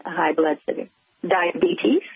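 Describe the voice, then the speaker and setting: A woman's voice: fairly low pitch, slow, gravelly, husky, no room sound. An American woman calling in to a radio show, hesitant and full of fillers. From United States. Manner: hesitant, many fillers and restarts. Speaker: caller. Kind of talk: phone-in call. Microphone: telephone. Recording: thin phone line on radio.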